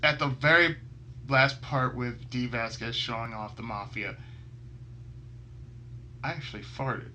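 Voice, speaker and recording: A man's voice: mid-range voice, a little slow, pauses often, sharp tone, a little hiss or hum. A man hosting a gaming channel, chatting casually and rambling, laughing a lot as he goes. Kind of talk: casual chat.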